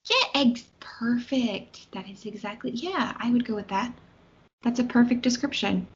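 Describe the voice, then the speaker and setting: A woman's voice: a little high, measured pace, a little hiss or hum. A woman with a Southern American accent, co-hosting a podcast in casual, chatty talk with many fillers. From Southern United States. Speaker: podcast co-host. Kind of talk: casual chat. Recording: slightly dull lo-fi audio.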